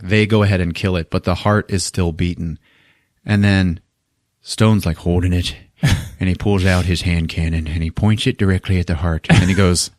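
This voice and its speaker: A man's voice: sits low, dry recording, clean studio sound. A man hosting a podcast, casually recapping a film with profanity and funny acted-out voices. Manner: animated, profane, acts out scenes with funny voices. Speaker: podcast host. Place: podcast studio.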